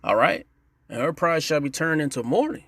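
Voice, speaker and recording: Gravelly preacher man, "man, okay?". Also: a little high, lively intonation, moderate pace, fairly bright tone, no room sound. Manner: tags nearly every phrase with "man" and "all right?"; emphatic, call-and-response checks with listeners. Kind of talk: casual sermon reading scripture.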